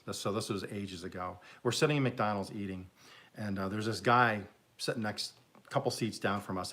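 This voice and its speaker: A man's voice: fairly low pitch, a bit bright. A man hosting a live stream, casually telling jokes as a rambling, chuckling storyteller. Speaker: livestream host.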